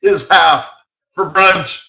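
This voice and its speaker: A man's voice: high voice, drawn-out words, gravelly, roomy sound, low-quality recording. A man hosting a live trading webinar, telling stories with lots of laughter and acted-out quotes. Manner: animated anecdote teller who laughs often and acts out quoted voices.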